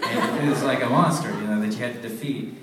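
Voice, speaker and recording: A man's voice: mid-range voice, steady tone, fast talker, a crowd in the background. A man, a voice actor on a convention panel, telling rambling stories and laughing often, recorded from afar in a large hall. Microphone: distant from the recording. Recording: echoey hall from far off, loud noise.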